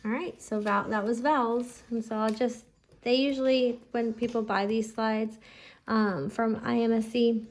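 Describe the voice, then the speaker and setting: A patient mother talks through a reading lesson at home in a fairly high voice. She stretches out each letter sound slowly for her child. She explains every step plainly. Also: fairly even intonation, darkish tone, slight background noise. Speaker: homeschooling parent teaching phonics. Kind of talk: instructional explanation to camera.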